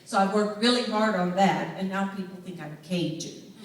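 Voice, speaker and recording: A woman from the United States with a Southern accent gives a humorous talk to a live audience, telling stories and addressing listeners directly. She speaks at medium pitch and a moderate pace, her voice distant in an echoey hall.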